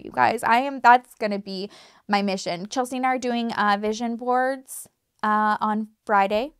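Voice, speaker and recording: A woman's voice: fairly high pitch, measured pace, clear, resonant tone, no room sound, studio quality. A woman in her thirties talking casually to camera as a video creator, chatty and emphatic, with lots of fillers and restarts. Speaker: YouTube true crime creator.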